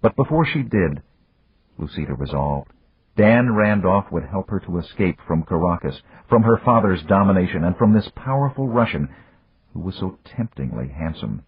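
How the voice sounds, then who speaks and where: Deep, very husky male narrator. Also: big pitch swings, moderate pace, no room sound. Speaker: audiobook narrator. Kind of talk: scripted narration. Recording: dry, tinny phone-like audio.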